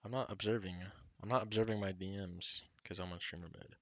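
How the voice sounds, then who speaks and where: A man's voice: low voice, steady tone, fairly quick, no room sound. A man streaming a game live, chatting casually with viewers in a laid-back, teasing way and calling them "bro" constantly. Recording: loud game music behind the voice. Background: loud game music, keyboard clicks.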